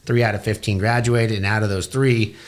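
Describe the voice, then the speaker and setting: A man telling his story in a casual interview, animated and full of swearing. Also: fairly low pitch. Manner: fast, profane, animated storytelling. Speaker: guest, business owner.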